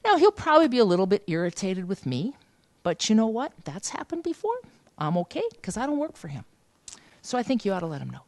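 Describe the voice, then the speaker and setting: A woman leading a journalism seminar, telling a lively anecdote and acting out the voices of the people in it. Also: medium pitch, fast, dry recording. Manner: lively anecdotal, acts out quoted dialogue. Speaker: journalism trainer. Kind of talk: storytelling seminar talk. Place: seminar room.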